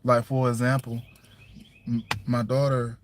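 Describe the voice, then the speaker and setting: A man's voice: mid-range voice, flat delivery, unhurried, a little hiss or hum. Plainspoken man on a casual livestream. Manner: loose, repeats himself, keeps asking "you know what I'm saying"; firm and plainspoken about household rules. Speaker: single father livestreaming.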